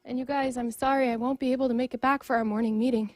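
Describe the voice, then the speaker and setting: A woman's voice: on the high side, steady tone, very fast, a little mellow, no echo. Playful woman reporting live. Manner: playful, jokingly acting like a ghost. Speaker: field reporter. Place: indoor haunted attraction.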